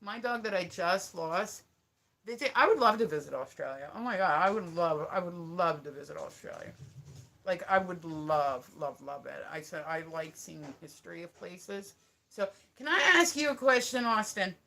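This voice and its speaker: Bright-voiced woman chatting on a livestream. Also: fairly low pitch, normal speed, creaky. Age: 30s. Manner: rambling, profane, filler-heavy talk. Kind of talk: casual livestream chat.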